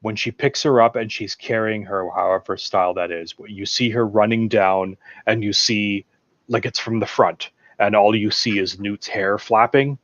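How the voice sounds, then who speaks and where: A man's voice: lowish voice, steady tone, normal speed, fairly bright tone, no room sound. A man talking as a guest in a casual film chat, enthusiastic and digressive, eager to share trivia and props he has built. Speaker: podcast guest and prop builder. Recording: dull lo-fi sound.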